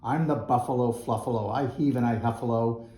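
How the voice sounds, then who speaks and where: A man voicing a grumpy, huffy male buffalo in a storybook, loud and blustering, in an echoey school room. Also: mid-range voice, steady tone, brisk, close to an everyday voice.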